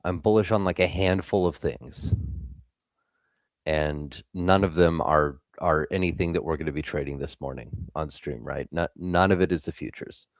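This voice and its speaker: A man's voice: very deep voice, moderate pace, dry recording, studio quality. A young man hosting a live trading stream, giving blunt, casual market commentary and swearing freely.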